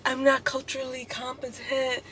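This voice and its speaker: A woman's voice: high voice, completely flat delivery, normal speed, pushed and bright, slight background noise, pitched above the performer's own voice. Woman mimicking a flustered, pleading male professor. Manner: fretful, pleading.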